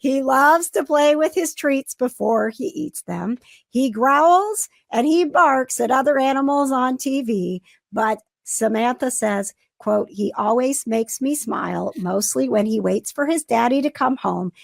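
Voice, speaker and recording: Woman co-host, high and slow, gravelly, giggly. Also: no room sound. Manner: giggly, reading segments aloud. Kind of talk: casual chat.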